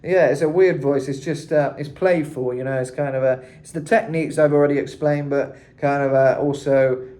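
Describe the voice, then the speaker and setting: A man's voice: fairly high pitch, fairly even intonation, normal speed, warm tone. A man teaching singing in a loose, rambling way, full of "you know" and "kind of". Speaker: vocal coach. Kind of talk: casual singing tutorial.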